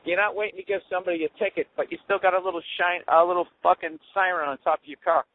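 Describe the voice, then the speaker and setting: A man's voice: high-pitched, steady tone, racing, no echo. Sarcastic man ranting over a tinny line. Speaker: podcast host. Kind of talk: rambling solo monologue. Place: in a car while driving. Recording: tinny phone-like sound.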